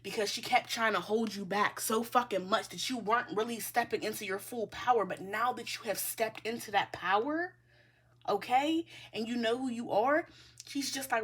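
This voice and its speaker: A woman's voice: fairly high pitch, a little fast, husky. A woman giving a tarot reading in a casual, chatty way. She speaks bluntly, swears freely and keeps addressing her listeners as the collective. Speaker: tarot reader.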